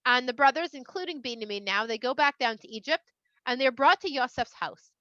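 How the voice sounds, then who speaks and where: A woman telling a Bible story for kids in a chatty, expressive way. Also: high-pitched, a little fast, dry recording, highs cut off. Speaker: children's Torah storyteller.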